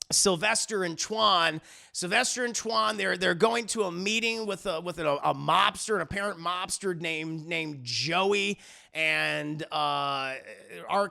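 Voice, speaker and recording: A man's voice: sits high, creaky, bright, forceful tone. A man recapping a music series for his live chat in a casual, profane, rambling way, acting out the characters' lines as he goes. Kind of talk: animated casual recap with acted-out quotes.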